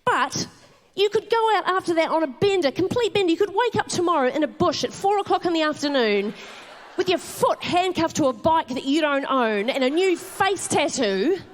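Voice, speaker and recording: A woman in her forties with a New Zealand accent, telling swearing, animated stand-up stories on a theatre stage. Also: very high voice, normal speed, slight background noise. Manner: animated storytelling with swearing and laughter. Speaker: stand-up comedian. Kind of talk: live stand-up set. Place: theatre stage before a live audience.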